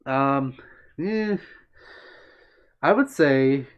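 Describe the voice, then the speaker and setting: A man's voice: mid-range voice, lively intonation, very slow. A man hosting a livestream, chatting casually and greeting viewers by name as he reads their comments. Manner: friendly, meandering, answers chat by name. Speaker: livestream host.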